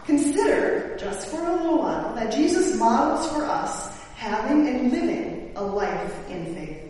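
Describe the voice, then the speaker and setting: A woman pastor preaching a sermon, slow and emphatic, now and then rising to an exclamation. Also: high voice, animated, mellow. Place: church sanctuary. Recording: echoey church hall from far off.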